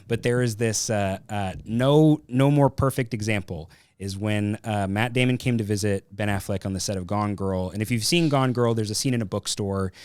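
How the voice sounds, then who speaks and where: A man's voice: fairly low pitch, dry recording. A man hosting a casual film review podcast, rambling and thinking aloud as he tells a story. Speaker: podcast host.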